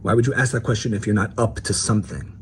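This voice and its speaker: A man's voice: lowish voice, lively intonation, quick pace, a little hiss or hum, close to an everyday voice. A man playing a paranoid woman commentator in a parody sketch, talking mock-serious and theatrical with swooping emphasis.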